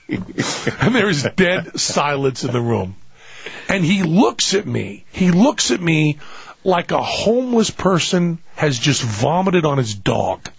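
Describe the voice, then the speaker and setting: Man, gravelly and fairly high, animated comic storyteller, self-mocking; dry, dull recording. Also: normal speed, no echo. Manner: animated, laughing, self-mocking, with big pitch jumps. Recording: dull, dry, slightly muffled sound.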